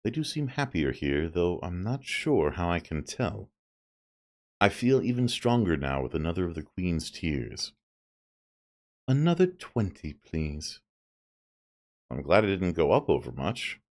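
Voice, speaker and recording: A man streaming a game talks in a deep, relaxed voice. He comments in a chatty, amused way and thinks aloud at an easy pace. His pitch moves around a lot. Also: measured pace, long pauses.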